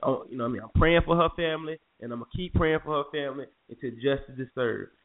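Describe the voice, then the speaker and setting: A man's voice: medium pitch, fast talker. Fired-up profane male show host. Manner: animated, profane, preachy. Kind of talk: casual chat. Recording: muffled phone-like audio.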